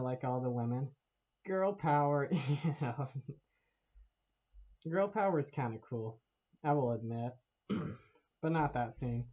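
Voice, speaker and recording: A man's voice: mid-range voice, darkish tone, dull audio. A man giving a casual, rambling movie rant to camera, laughing often and swearing as he talks. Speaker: vlogger.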